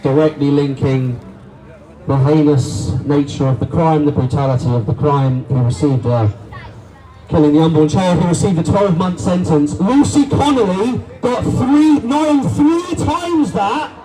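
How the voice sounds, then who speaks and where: At a political rally, a man with a slightly high voice gives a forceful, stirring speech at a moderate pace. He repeats lines and keeps calling the crowd "guys," heard from a distance over faint crowd noise.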